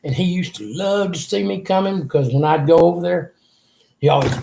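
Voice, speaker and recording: A man's voice: sits high, a little fast, creaky, warm tone, a little hiss or hum. An older man, earnestly telling a rambling personal story in an interview. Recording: echoey room.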